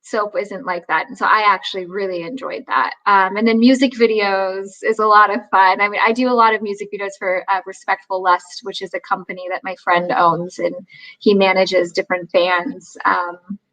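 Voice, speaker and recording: A young adult actress chatting as an interview guest, telling lively stories, acting out quoted voices and laughing often. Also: female voice, mid-range voice, normal speed, low-quality recording. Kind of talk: casual interview chat.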